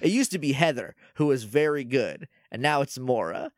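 A man co-hosting a casual podcast, recapping a TV episode in lively conversation. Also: mid-range voice, normal speed, no room sound, studio quality. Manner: lively, animated, acts out lines from the show. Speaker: podcast co-host.

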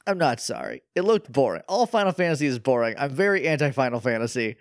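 Podcast co-host, man, excitable, blunt opinions, dry close recording. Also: mid-range voice, quick pace, dry recording. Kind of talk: casual chat.

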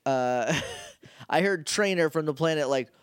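Fairly high-pitched yet resonant and clear, this podcast co-host talks a little slowly in a clean, echo-free studio recording. He recaps an episode casually, bringing it to life by voicing the characters' lines.

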